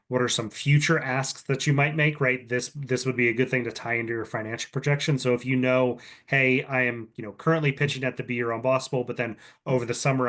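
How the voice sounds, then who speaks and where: A man organizing a business pitch competition, walking entrants through presentation slides in a casual, conversational way full of ums and restarts, recorded over a video call. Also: a bit bright. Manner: casual, filler-heavy, conversational explaining with frequent ums. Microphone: computer mic on a video call.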